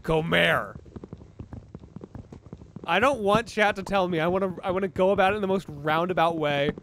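A young man streaming a game, joking at himself and trying out halting, clumsy Spanish. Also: high-pitched, a bit bright, slight background noise. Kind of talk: casual gaming livestream chat.

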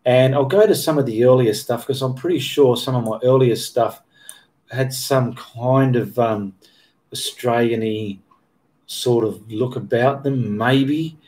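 A man's voice: medium pitch, measured pace, a little mellow. A man hosting a casual livestream Q&A for his painting channel, reading viewer comments aloud and answering them in a rambling, self-correcting way. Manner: rambling, stops to correct himself mid-sentence. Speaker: art channel host answering live chat.

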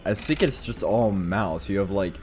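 A man's voice: fairly low pitch, normal speed, a little mellow, a little hiss or hum. A man casually commenting over gameplay, loose and slangy. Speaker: gaming channel host.

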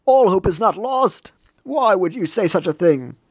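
A woman voicing a fussy, proper old mushroom steward who speaks slowly and with indignation. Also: mid-range voice, animated, a little hiss or hum, lightly acted. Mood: indignant. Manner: slow, indignant and old-fashioned.

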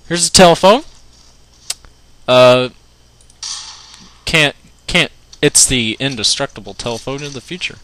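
A man giving joking, goofy let's play commentary, yelling when the fighting heats up. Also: medium pitch. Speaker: gaming commentator.

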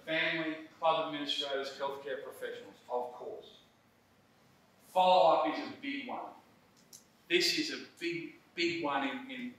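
In a presentation room, a middle-aged man leads a coaching workshop with a chatty, emphatic style, frequently asking "right?" to check in. His voice sits in the mid-range and is a bit bright. The sound is roomy and hall-like, picked up by a distant mic with faint background noise.

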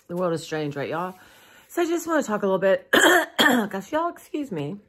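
A tired woman, talking heartfelt and rambling to her followers in a casual vlog, clearing her throat now and then. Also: medium pitch, very animated, a little slow, a bit bright. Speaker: vlogger. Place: dim room at home.

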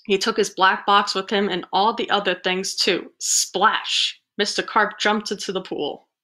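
A woman librarian reads a picture book aloud at a middling pitch. She is animated and breaks in with playful asides between pages. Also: normal speed. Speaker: children's librarian. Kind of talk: storybook read-aloud.

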